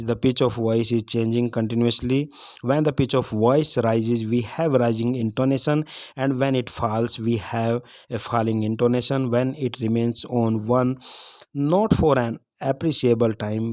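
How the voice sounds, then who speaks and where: A man's voice: medium pitch, a little mellow, no room sound. A man with an Indian English accent, a coaching tutor steadily reading exam revision notes aloud, with the odd slip and filler.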